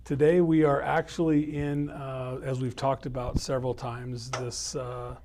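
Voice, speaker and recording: A man's voice: medium pitch, flat delivery, measured pace, darkish tone. A man hosting a casual podcast in a small office studio, upbeat and chatty with frequent fillers. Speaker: host.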